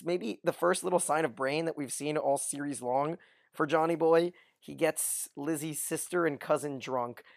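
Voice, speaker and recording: A man co-hosting a podcast, giving a casual, lively recap of a TV episode and chuckling often. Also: a little high, no room sound, clean studio sound. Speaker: podcast co-host.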